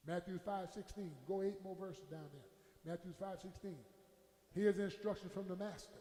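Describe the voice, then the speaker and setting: A man preaching a sermon as pastor, shouting out lines to the congregation and dropping to quieter asides. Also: fairly even intonation, normal speed. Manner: preaching with shouts and call-and-response, drops to a low aside. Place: church sanctuary. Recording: echoey hall with long reverb.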